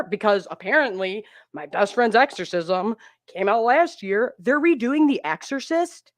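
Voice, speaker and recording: A woman guest on a movie podcast, telling stories in an animated, excitable way. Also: mid-range voice, moderate pace, dry recording. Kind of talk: casual podcast chat.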